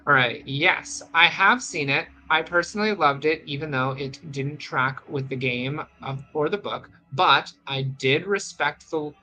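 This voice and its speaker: A young adult gaming streamer chatting casually on a live stream, rambling into animated rants. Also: mid-range voice, unhurried, few pauses, low-quality recording.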